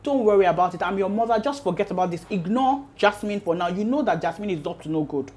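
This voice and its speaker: A woman voicing a mother who quietly reassures her grown daughter. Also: medium pitch, lively intonation, quick pace, close to an everyday voice. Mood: reassuring.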